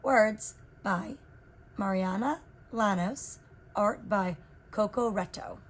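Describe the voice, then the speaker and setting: A woman reading a children's picture book aloud in an expressive, unhurried way. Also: medium pitch. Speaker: reader. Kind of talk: storybook read-aloud.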